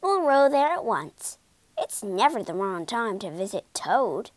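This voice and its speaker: A woman voicing a bold, loyal male water rat in a storybook, talking briskly and eagerly. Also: medium pitch, big pitch swings, no room sound. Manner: brisk and eager, shouts in anger.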